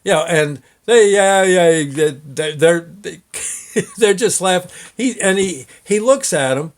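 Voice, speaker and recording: A man's voice: high-pitched, expressive, takes it slowly. Rambling, chuckling male storyteller. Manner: rambling, with many fillers and restarts, chuckling often. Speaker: show host, storyteller. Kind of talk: casual anecdotal storytelling.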